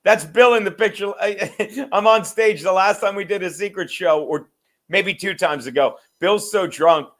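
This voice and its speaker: A man's voice: high-pitched, normal speed, fairly bright tone. A man hosting a podcast, rambling and swearing casually, laughing often. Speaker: podcast host. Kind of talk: casual chat.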